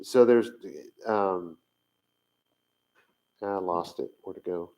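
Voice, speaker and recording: A man's voice: sits low, slow pace, dull audio. Hesitant man teaching while thinking aloud. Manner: thinking aloud, hesitant, searching his notes. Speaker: Bible language teacher. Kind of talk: informal teaching on camera.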